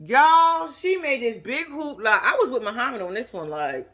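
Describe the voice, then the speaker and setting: A woman's voice: a little high, lively intonation, moderate pace, hardly any pauses, a bit bright. A woman giving a brash, profane, casual recap of a TV episode, talking straight to her viewers. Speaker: reaction vlogger.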